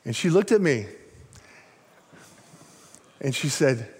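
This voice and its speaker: An older man preaching a sermon, swinging between loud emphatic lines and hushed, low phrases. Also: lively intonation, takes it slowly, breathy edge. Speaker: pastor. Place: large church sanctuary. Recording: long hall reverb.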